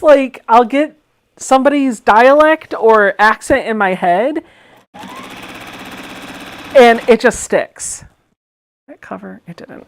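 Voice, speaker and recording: A chatty woman talks casually as she sews, often breaking into laughter and drifting into stories. Her voice sits at a middle pitch, and a sewing machine hums faintly behind her. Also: slight background noise. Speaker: sewing livestream host. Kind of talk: casual chat while sewing.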